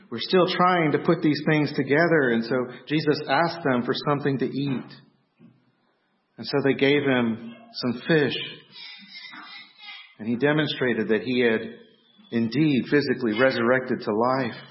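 A man preaching a sermon, telling the story with animation and acting out startled shouts. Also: mid-range voice, highs cut off. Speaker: pastor.

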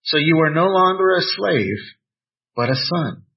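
A man preaching a sermon, reading scripture aloud and adding playful personal asides in a measured, deliberate way. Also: a little high, animated, lo-fi sound, a little hiss or hum. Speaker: pastor.

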